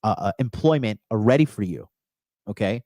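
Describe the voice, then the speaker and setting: A man's voice: fairly low pitch, animated, normal speed, mellow, no echo, clean studio sound. A man streaming live as a dating coach, giving profane, emphatic advice and reading chat, repeating lines for punch. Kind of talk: livestream monologue reading chat.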